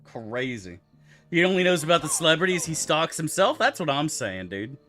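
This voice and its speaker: Very animated and sharp, his fairly high voice moves at normal speed over faint background music. He streams a game, tossing loose, profane, rambling replies to his chat.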